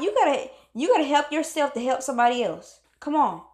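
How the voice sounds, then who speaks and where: A woman's voice: high voice, sing-song, brisk, darkish tone. A woman giving a motivational pep talk, emphatic and preachy, repeating phrases for stress. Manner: calls on God in exclamations. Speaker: motivational speaker.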